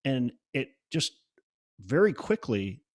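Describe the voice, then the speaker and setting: A man's voice: mid-range voice, big pitch swings, slow pace, darkish tone. Conversational male podcast host. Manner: conversational, with frequent restarts. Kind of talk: casual interview talk.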